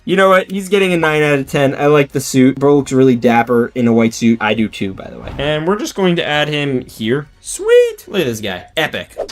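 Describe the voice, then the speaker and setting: Excitable man with a lively, bouncing voice. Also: fairly high pitch, normal speed, hardly any pauses. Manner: excitable and slangy, with asides to himself. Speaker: toy unboxing host. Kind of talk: casual unboxing commentary.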